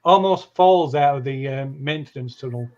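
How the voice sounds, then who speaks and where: A man running a tabletop horror game as game master, talking haltingly with many restarts. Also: mid-range voice, crowd noise. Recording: dull lo-fi audio.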